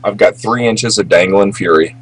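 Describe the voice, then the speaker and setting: A man with an American accent hosts a livestream, trading crude, sarcastic jokes. His voice sits on the low side for a man. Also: normal speed, background noise. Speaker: livestream host. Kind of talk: crude comic banter.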